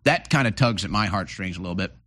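A man's voice: low voice, animated, quick pace, bright, forceful tone. A man hosting political commentary, reacting to clips in a sarcastic, mocking way. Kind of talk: opinionated commentary over clips.

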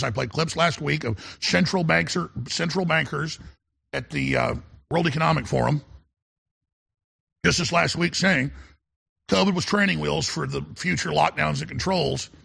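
A middle-aged male talk radio host in an impassioned monologue, with a gravelly, husky voice that still sounds bright and forceful. He speaks with urgency, repeats words and stammers through restarts. His voice sits a little high for a man.

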